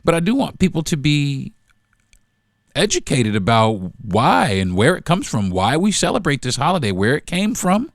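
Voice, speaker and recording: A man's voice: on the high side, huge pitch swings, normal speed, creaky, dry recording, clean studio sound. Emphatic man ranting on a podcast. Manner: emphatic, repetitive, profane ranting. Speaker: podcast host. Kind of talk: solo podcast monologue.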